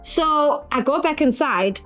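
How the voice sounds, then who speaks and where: A woman's voice: high voice, lively intonation, unhurried, fairly bright tone, faint music behind. A young woman tells a personal story as an interview guest, acting out the other people's lines as she goes.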